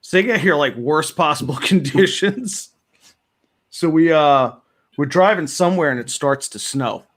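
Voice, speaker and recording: A man from New Jersey, a guest on a chat show, telling a story in an animated way and laughing as he goes. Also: on the high side, a little slow. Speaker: comic creator, guest.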